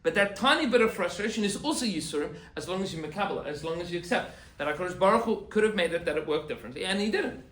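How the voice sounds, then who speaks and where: A man, a rabbi, giving an animated Torah class and acting out quoted complaints. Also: high-pitched, quick pace, few pauses, roomy sound.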